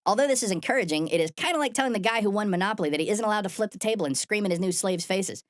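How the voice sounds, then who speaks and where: A woman rattles off satirical news commentary at a quick clip, sardonic and casually profane. Her delivery stays deadpan and dry, and the recording is close and dead, with no room sound. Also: medium pitch, no room sound. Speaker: host.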